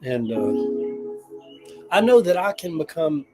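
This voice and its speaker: A man's voice: on the high side, big pitch swings, slow, music in the background, low-quality recording. An older man, chatting casually and emotionally on a livestream, rambling and reading viewer comments aloud. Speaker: livestream host.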